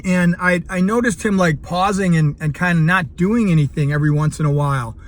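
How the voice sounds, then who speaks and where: A man's voice: sits high, brisk, slight background noise. A man in his fifties, a coach, telling a personal story earnestly, with frequent fillers and restarts. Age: 50s. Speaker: CrossFit coach. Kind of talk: casual personal vlog storytelling.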